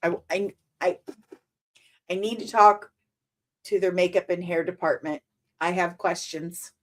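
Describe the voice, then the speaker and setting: A woman in her forties hosting a casual reaction to a trailer, animated and exclamatory with mock outrage. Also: on the low side, unhurried. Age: 40s.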